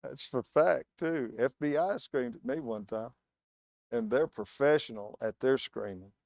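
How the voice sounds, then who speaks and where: A man's voice: medium pitch, a little slow, creaky, a little mellow, dry recording, studio quality. A man preaching a sermon in a church, telling stories with emphatic, word-by-word stress. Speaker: guest preacher.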